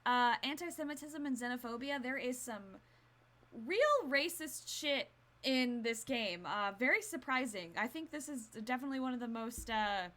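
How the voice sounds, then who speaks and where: A woman's voice: a little high, normal speed, a bit bright. A woman in her twenties streaming a video game, chatting casually and rambling with lots of fillers. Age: 20s. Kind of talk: casual gameplay commentary.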